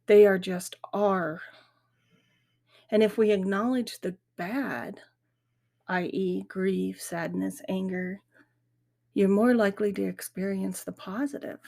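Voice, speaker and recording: A middle-aged woman with a creaky, darkish, mid-range voice hosts a podcast about grief. Her talk is a casual, reflective monologue delivered with candor and earnestness.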